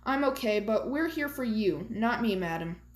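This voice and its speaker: A woman's voice: a little high, expressive, normal speed, natural voice. A woman voicing a grieving orphan boy with powers in a fan-made story, speaking earnestly and simply. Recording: roomy echo.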